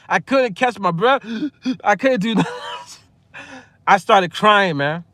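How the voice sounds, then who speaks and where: High-voiced storytelling New man. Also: moderate pace, long pauses, no echo, studio quality. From Long Island, New York. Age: 40s. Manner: animated, chuckles often, repeats phrases as he tells a story. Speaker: music producer and vlogger. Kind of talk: casual storytelling to camera.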